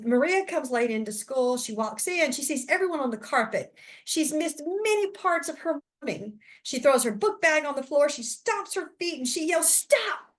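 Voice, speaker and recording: A woman who trains teachers, giving a chatty, animated lesson talk and speaking straight to her listeners. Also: fairly high pitch.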